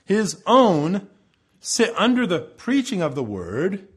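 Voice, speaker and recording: A male pastor preaching a sermon in a church over the sound system, impassioned, swinging between loud pleading and soft low asides. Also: wildly swooping pitch, takes it slowly, slightly rough. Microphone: church sound system microphone.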